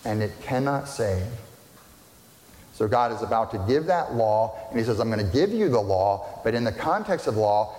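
A man's voice: mid-range voice, a little mellow. A man preaching a sermon as pastor, emphatic, repeating key words and putting rhetorical questions to the congregation. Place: church sanctuary. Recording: echoey hall with long reverb.

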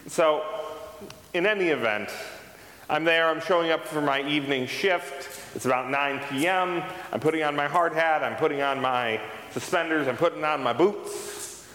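Speaking from the pulpit, this pastor tells a personal anecdote in a conversational style, performing the dialogue as he goes. His voice is a little high and fairly bright, moving at a moderate pace. Roomy hall reverb and faint background noise are audible in the recording.

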